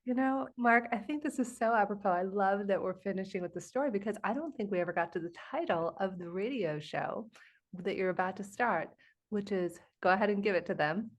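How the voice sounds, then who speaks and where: A woman's voice: mid-range voice, brisk. A woman hosting a podcast interview, effusive and friendly toward her guest. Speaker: podcast host.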